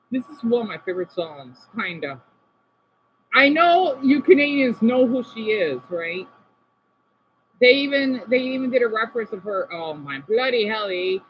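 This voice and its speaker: A man with an extremely high, expressive voice chats casually as a vlogger at normal speed, reacting to videos with rambling, apologetic and playful asides. The recording is slightly dull with faint background noise.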